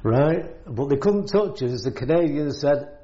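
A man's voice: a little high, lively intonation, unhurried, dark tone, muffled recording. Older British man, war veteran, rambling storyteller who chuckles a lot, faint hiss behind. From Britain. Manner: rambling, chuckles often while telling. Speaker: war veteran recounting service. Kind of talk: oral history storytelling.

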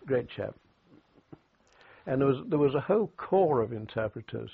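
A very noisy, tinny recording captures an elderly British veteran in an oral history interview about his radio work during the war. His mid-range voice is creaky and sing-song, and his dry-humoured stories come with faltering restarts.

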